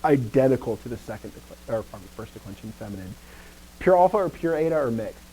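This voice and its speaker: Expressive and fast, a man runs a casual Greek class, frequently correcting himself and stopping to check with his students. He demonstrates emphasis by punching stressed words louder and higher. The low-quality recording carries a little hiss or hum.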